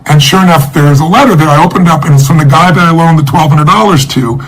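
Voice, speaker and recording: Male motivational speaker, slightly raised pitch, energetic and emotive storyteller, charity appeal. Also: fast, rough recording.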